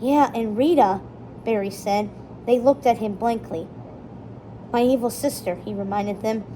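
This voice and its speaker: A woman reads a children's chapter book aloud in a steady, expressive way. Her voice is warm and mellow, and it sits fairly high. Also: measured pace, slight background noise, low-quality recording. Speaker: storybook reader.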